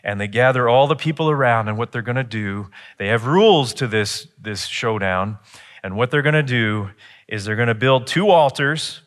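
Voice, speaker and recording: A man preaching a sermon, retelling a scripture story with lively, animated delivery and acted-out quotes. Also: in a large hall. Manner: animated storytelling, acts out quotes with rising pitch. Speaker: pastor.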